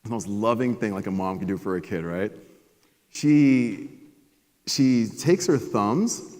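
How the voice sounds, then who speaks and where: A man in his forties giving a motivational conference keynote, telling a personal story with emphatic pauses. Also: on the low side, expressive, darkish tone. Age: 40s. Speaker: keynote speaker. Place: conference stage at a resort. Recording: long reverb of a conference hall.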